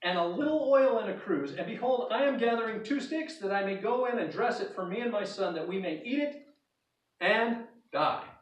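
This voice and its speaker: A man's voice: high voice, expressive, moderate pace, pitched above the performer's own voice. A pastor voicing a weary, starving widow woman, mixing old scripture phrasing with plain talk. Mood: blunt, resigned. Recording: roomy hall, voice from a distance.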